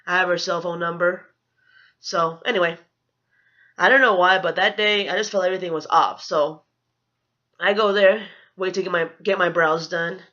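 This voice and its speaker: A woman with a bright, forceful voice rambles through a storytime rant as a vlogger, swearing freely and sounding indignant, with "you know" in nearly every sentence. The audio is dull and lo-fi, as if recorded on a cheap mic. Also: fairly low pitch, fairly even intonation, moderate pace.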